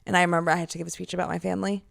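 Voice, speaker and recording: Fast-talking young woman with vocal fry. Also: lowish voice, little pitch movement, dry recording. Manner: quick, playful answers. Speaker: podcast guest. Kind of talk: casual chat.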